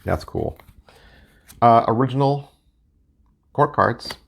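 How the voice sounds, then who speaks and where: A man's voice: mid-range voice, takes it slowly, gravelly. A man talking casually while looking through his playing card collection, thinking aloud and rambling as he goes. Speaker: deck collector and reviewer.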